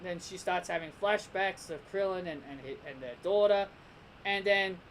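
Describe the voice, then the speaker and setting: A man's voice: sits high, normal speed, fairly bright tone, slight background noise, rough recording. A man casually reviewing a cartoon episode, rambling and restarting his sentences. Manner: rambling, with many restarts and repeated "and".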